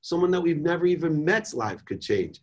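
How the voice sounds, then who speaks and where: A man's voice: on the high side, sing-song, normal speed. Emphatic motivational man telling a story. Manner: emphatic, preacher-like, swings between soft and forceful. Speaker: guest, entrepreneur and speaker.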